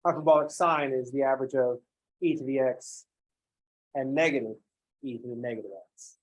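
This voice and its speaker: A man teaching a calculus class who lectures in an animated, playfully ranting way. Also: mid-range voice, a little fast. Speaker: calculus instructor.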